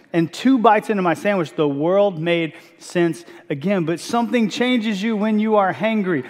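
Pastor guy telling jokey stories in a sermon, kinda high voice, long church echo. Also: moderate pace, few pauses, a little mellow. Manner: humorous storytelling with self-mocking asides. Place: church sanctuary.

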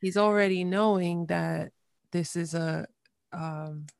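A woman's voice: on the low side, steady tone, slow, creaky, clear, resonant tone, no echo. A woman hosting a podcast, responding encouragingly to her guest in casual conversation. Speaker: podcast host.

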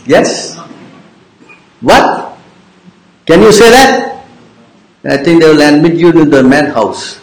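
A man's voice: a little high, animated, takes it slowly, gravelly, long pauses, roomy sound, rough recording. A man teaching a devotional class, informal and teasing, who keeps checking with his listeners by asking "yes?" and "understand?" after each point. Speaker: religious teacher.

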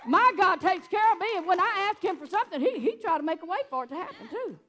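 A woman's voice: very high voice, expressive, quick pace, fairly bright tone, some chatter behind, a little hiss or hum. A middle-aged woman, preaching a folksy, chatty sermon and laughing often.

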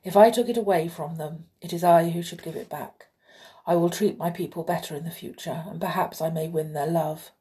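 A woman voicing a vain, frightened king, in a high, anxious, pleading manner. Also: a little fast, dark tone, lightly acted. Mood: earnest.

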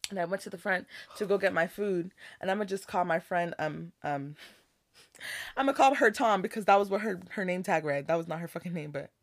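A young woman from Houston with a Houston accent, co-hosting a podcast and telling stories in a lively, swearing, casual way. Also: fairly low pitch, normal speed, no echo. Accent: Houston, Texas. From Houston, Texas. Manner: animated, swears freely, mimics people in her stories. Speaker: podcast co-host. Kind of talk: casual storytelling chat.

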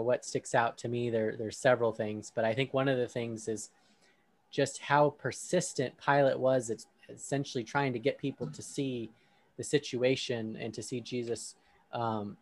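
A man hosting a discussion, reading a scripture passage aloud with emphasis on quoted speech, then talking casually. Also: medium pitch. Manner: reads with emphasis on quoted lines.

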